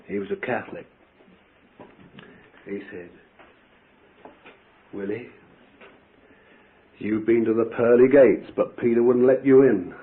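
A man preaching a sermon, telling a story with animated fervor and bursts of shouting. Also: fairly low pitch, slight background noise. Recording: tinny phone-like old tape.

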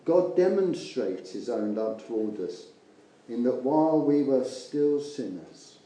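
An older man preaches an earnest, rambling sermon, his voice mellow and dark in tone. His pitch rises and falls in a lively way. The recording is very echoey, with faint ambient noise of the church hall behind him. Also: measured pace. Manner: earnest, rambling, with many restarts and asides.

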